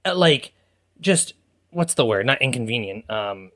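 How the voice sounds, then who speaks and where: A man's voice: mid-range voice, unhurried. A man co-hosting a casual podcast, ranting and swearing freely. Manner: profane, ranting, animated. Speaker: podcast co-host.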